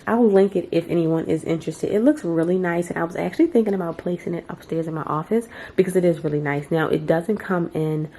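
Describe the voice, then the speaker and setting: A woman with a slightly low, mellow voice gives a casual home tour of her living room. She is relaxed and chatty and keeps turning to her viewers with a friendly "y'all". Her delivery stays warm and easygoing throughout. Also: quick pace, few pauses, slight background noise. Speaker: home decor vlogger.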